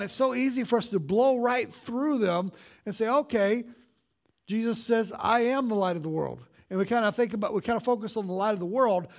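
A pastor giving a conversational sermon, with loose fillers and slow, dramatic readings of scripture lines. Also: male voice, high-pitched.

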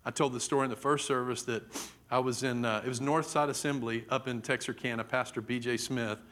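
Preacher, middle-aged man, sermon storytelling, mid pitch, dramatic delivery. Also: steady tone, brisk, a bit bright. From Texas. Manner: vivid, dramatic storytelling with acted-out quotes.

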